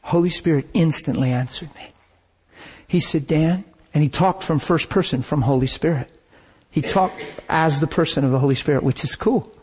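A man delivers a sermon as a lively spoken story. His voice sits a little high and sounds husky. He tells the story with dramatic swings, now and then shouting or laughing. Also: normal speed. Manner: animated, dramatic retelling with bursts of shouting and laughter. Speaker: preacher.

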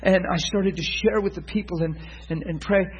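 A man preaching, telling a testimony story in an animated way, acting out the people he quotes and swinging from loud to hushed. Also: sits high, moderate pace, slightly rough, low-quality recording. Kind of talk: sermon testimony.

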